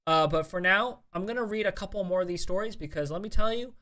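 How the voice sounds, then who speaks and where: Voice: medium pitch, quick pace, pushed and bright. A young adult streamer chatting casually with viewers, swearing often and full of fillers and restarts. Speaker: streamer host. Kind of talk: casual live-stream chat.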